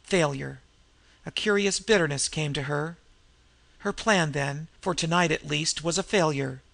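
A male audiobook narrator with a gravelly, bright-toned voice, telling the story in a measured, even way. The recording is dry and close. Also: a little high, no room sound.

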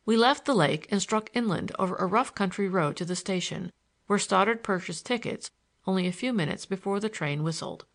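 A woman narrating a novel in a measured, expressive reading. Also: mid-range voice. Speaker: audiobook narrator. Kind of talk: scripted narration.

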